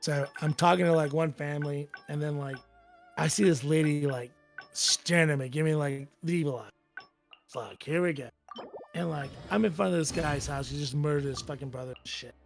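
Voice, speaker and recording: A man's voice: on the high side, normal speed, gravelly, faint music behind. A man telling a story in casual chat, rambling and swearing freely. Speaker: tv reporter guest.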